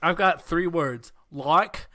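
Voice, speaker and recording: A man's voice: a little high, takes it slowly, pushed and bright. A man on a casual podcast, dropping dry, laughing asides. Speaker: podcast co-host.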